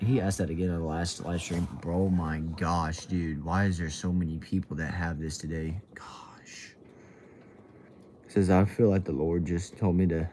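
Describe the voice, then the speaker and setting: Relaxing at home, a young livestream host drawls through viewer comments, calling people "bro" and "y'all." He has a deep, warm voice. A TV murmurs faintly from another room, adding slight background noise.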